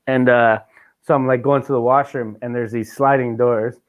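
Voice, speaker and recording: A man's voice: medium pitch, moderate pace, highs cut off. Profane Canadian man telling stories. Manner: profane, animated storytelling with mimicked dialogue. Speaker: podcast host. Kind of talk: casual chat.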